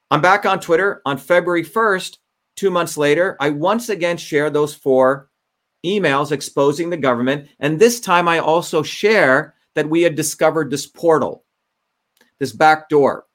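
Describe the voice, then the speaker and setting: Insistent guy talking in an interview, kinda high voice, lots of restarts. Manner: emphatic, repeats points, many restarts. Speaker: Senate candidate. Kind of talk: interview talk, recounting a story.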